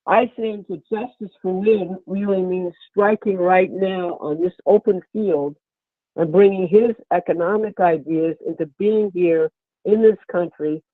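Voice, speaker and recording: A woman with a cold and a creaky, hoarse voice, giving an emphatic, rallying prepared speech on a conference call. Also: lowish voice, measured pace, no room sound. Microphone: telephone. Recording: narrow phone line.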